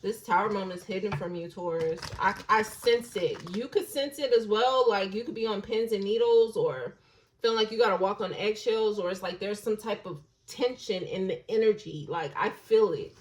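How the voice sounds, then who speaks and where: A woman talking through a tarot reading in a loose, conversational way. She is slangy and blunt, swears now and then, and muses aloud. Her voice sits at an ordinary middle pitch and dips into quiet hushed asides. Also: normal speed, slight background noise, rough recording. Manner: musing, drifts into soft hushed asides. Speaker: tarot reader. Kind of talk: casual intuitive tarot reading.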